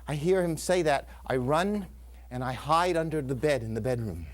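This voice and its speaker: Brief: male storyteller, live studio telling, lively pitch, acts out voices, shouts to whispers. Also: moderate pace. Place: community TV studio.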